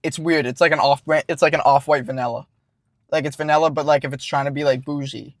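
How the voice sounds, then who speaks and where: A man talks through a food review, carefully describing flavor and texture. His voice sits slightly high for a man. The recording is dry and close, with no room sound. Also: fairly even intonation, fast talker, dry recording. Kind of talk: casual food review chat.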